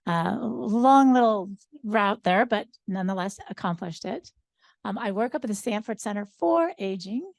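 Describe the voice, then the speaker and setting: A woman's voice: medium pitch, lively intonation, moderate pace, vocal fry, no room sound. An older woman, a social psychologist and grandmother, speaking upbeat on a seminar panel with frequent ums.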